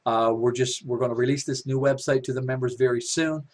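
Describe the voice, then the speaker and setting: A man's voice: medium pitch, fairly even intonation, brisk, a little mellow. Man presenting a business opportunity on a webinar, upbeat and salesy, full of fillers and restarts. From Canada. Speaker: company developer presenting a webinar.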